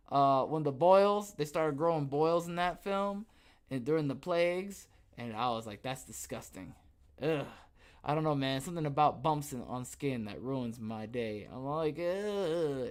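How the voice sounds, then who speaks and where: A man hosting a casual podcast, rambling and joking as he reads viewer comments, with sudden loud, animated bursts. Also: medium pitch. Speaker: podcast host. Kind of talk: casual livestream chat reading viewer comments.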